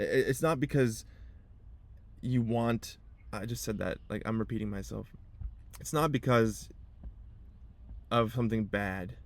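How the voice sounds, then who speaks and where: Young adult man, lowish voice, vlogging from his car; rambling, emotional, on the verge of tears. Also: vocal fry. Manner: rambling, restarts and repeats himself. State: emotional, holding back tears. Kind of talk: personal vlog monologue.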